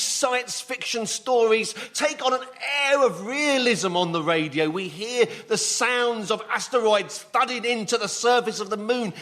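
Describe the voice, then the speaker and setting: A male comic panellist with a high, bright, sharp-edged voice, riffing off the cuff. He spins quick-witted, fanciful tangents as he talks against the clock. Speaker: comedy panellist. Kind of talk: improvised comic monologue.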